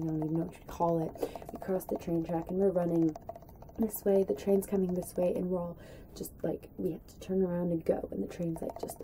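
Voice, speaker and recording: A young woman telling a rambling story in a casual vlog, acting out what people said in a higher voice. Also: noisy background. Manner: chatty, rambling, acts out quotes in a high voice. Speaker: vlogger.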